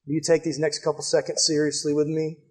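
A young man preaching a sermon to a live audience in a church building, earnest and direct, often dropping to a hushed appeal. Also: a little high, completely flat delivery, fast, husky. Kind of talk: sermon with altar call.

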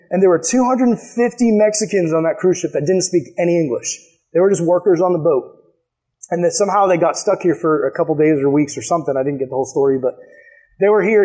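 High-voiced, animated male pastor. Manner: animated storytelling, acts out quotes in a higher voice. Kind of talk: sermon with personal story.

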